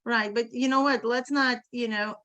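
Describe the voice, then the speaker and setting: A woman's voice: fairly high pitch, fairly even intonation, moderate pace, pushed and bright, muffled recording. A woman teaching a casual Torah study session, emphatic, using many fillers and translating texts aloud.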